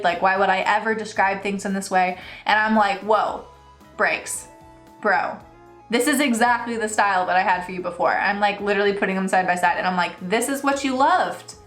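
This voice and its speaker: A young woman ranting in a casual storytime vlog, animated and acting out quoted lines in mock voices. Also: mid-range voice. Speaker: freelance writer vlogger. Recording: echoey room with faint music.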